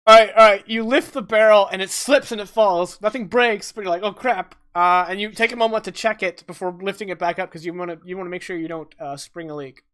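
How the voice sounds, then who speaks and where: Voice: medium pitch, quick pace, hardly any pauses, fairly bright tone, clear, resonant tone. Casual game master calling turns. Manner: casual, narrates dice results and actions. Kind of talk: running a tabletop game.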